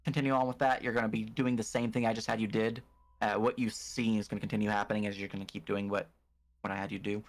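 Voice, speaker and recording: A man's voice: lowish voice, flat delivery, quick pace. A man narrating a tabletop game as game master, casual and hesitant, with many fillers and restarts.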